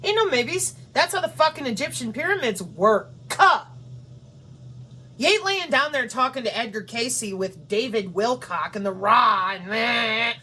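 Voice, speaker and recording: A woman's voice: a little high, animated, a little slow, sharp tone. A woman hosting her own channel, delivering a profane, confrontational ranting monologue. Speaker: channel host.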